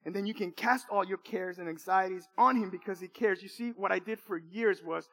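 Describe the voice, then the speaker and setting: A man's voice: high voice, fairly quick, hardly any pauses, a bit bright. A man preaching a sermon, telling a personal testimony in an emphatic, repetitive way with emotional swings.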